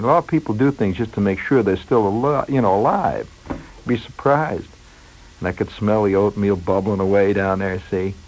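A man with a husky, fairly low voice spins a rambling, digressive yarn. His tone is wry and he chuckles between asides. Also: darkish tone, rough recording. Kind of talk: rambling storytelling monologue.

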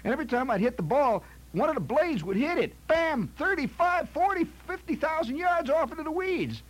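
A man's voice: very high voice, lively intonation, fairly quick. A man telling a rambling comic story in a folksy manner, peppering it with "see?" and "you know".

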